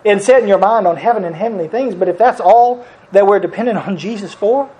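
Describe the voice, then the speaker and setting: A preacher giving an earnest, repetitive sermon, often breaking into soft chuckles. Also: medium pitch, brisk, low-quality recording.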